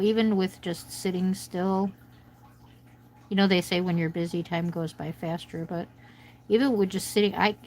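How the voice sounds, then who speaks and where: A woman's voice: lowish voice, darkish tone, a little hiss or hum, poor audio. An American woman hosting a casual coloring livestream from home, chatting and rambling to viewers as she colors. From United States. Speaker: livestream host. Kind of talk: casual chat while coloring.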